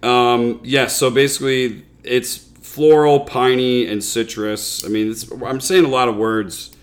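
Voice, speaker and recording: A man's voice: mid-range voice, a little slow. Laid-back American man co-hosting a beer show. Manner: laughs often, animated, playful. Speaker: podcast co-host. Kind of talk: casual beer-tasting chat.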